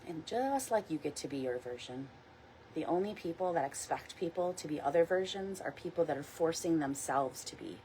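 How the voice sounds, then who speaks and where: A woman leading a guided meditation, speaking softly and slowly and repeating calm mantras. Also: sits low, slight background noise, low-quality recording. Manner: soft, slow, reassuring, repeats mantras. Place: outdoors or near a window in wind.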